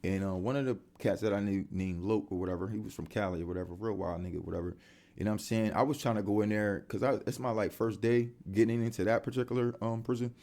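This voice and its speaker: A man's voice: fairly low pitch, quick pace. A man with a Delaware accent, telling faith testimonies in casual street slang and filling his talk with "you know what I'm saying.". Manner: animated street slang, many fillers. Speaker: faith vlogger.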